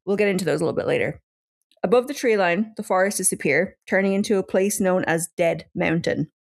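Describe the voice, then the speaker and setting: A woman's voice: fairly low pitch, fairly quick, creaky. A woman co-host telling a true mystery on a casual podcast, half-scripted, with chatty asides.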